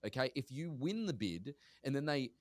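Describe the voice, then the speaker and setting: A man chatting on a podcast as a guest agent, telling an animated story and acting out both sides of phone calls. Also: mid-range voice, normal speed, dry recording. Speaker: guest, auction real estate agent. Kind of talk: casual storytelling in a podcast chat.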